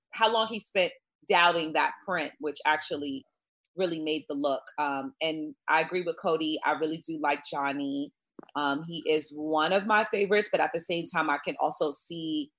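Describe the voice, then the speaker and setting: A woman speaking as a panelist in a casual chat, relaxed, with many fillers. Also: sits low.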